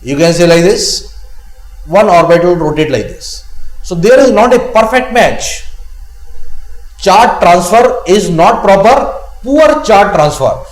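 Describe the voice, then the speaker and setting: A man with an Indian English accent gives a chemistry lesson in a slow, deliberate way, saying key phrases twice. His voice sits a little high, and the recording has a roomy echo. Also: big pitch swings. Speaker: chemistry teacher. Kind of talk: classroom lecture.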